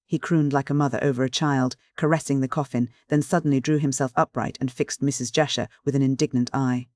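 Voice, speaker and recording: Steady audiobook narrator, dry close sound. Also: medium pitch, fairly quick, no room sound. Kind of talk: scripted narration of a classic novel.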